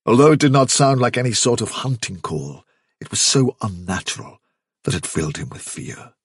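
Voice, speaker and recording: A man narrating a story in a measured, hushed way. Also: mid-range voice, sing-song, breathy edge, dry recording, studio quality. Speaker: audiobook narrator. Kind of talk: scripted narration.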